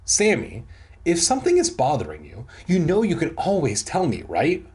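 A man's voice: a little high, huge pitch swings, moderate pace, darkish tone, voice pushed up. A man voicing a worried, watchful middle-aged mother in a comedic book reading, asking fussy questions. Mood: fussing.

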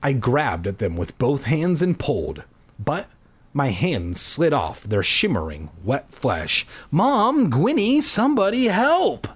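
A man hosting a podcast, reading a children's horror book aloud in an animated way and breaking off into crude throwaway jokes. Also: lowish voice, slow, slightly rough. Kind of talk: comedic read-aloud with jokey asides.

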